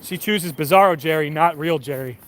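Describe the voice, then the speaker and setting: A man's voice: fairly high pitch, fairly quick, a bit bright, slight background noise. A young man live streaming while walking a city street at night, chatting casually and profanely with his viewers. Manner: rambling and profane.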